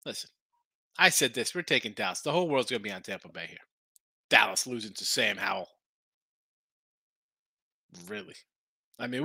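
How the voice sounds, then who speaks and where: Brash, bright-voiced betting show host. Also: male voice, fairly high pitch, no echo. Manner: brash, rapid-fire opinions, talks to chat. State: tired, yawning. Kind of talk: live late-night betting picks stream.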